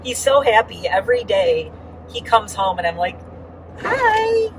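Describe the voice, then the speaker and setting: A woman's voice: medium pitch, moderate pace, far from the mic, background noise. A woman giving a casual, rambling vlog update with lots of fillers, talking while riding in a car. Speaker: vlogger.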